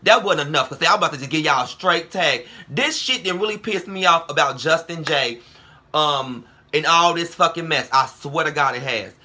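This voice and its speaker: Young man, bright cutting voice, slightly high pitch, brash profane vlog rant. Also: lively intonation, moderate pace. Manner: brash, heated, profane, calls viewers girl and ho. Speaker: vlogger.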